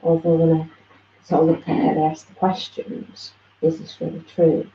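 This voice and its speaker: A woman's voice: sits low, completely flat delivery, moderate pace, vocal fry. A woman attending a satsang, hesitantly sharing her experience with the teacher. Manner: hesitant, searching for words. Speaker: satsang participant. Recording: roomy dull audio with faint noise.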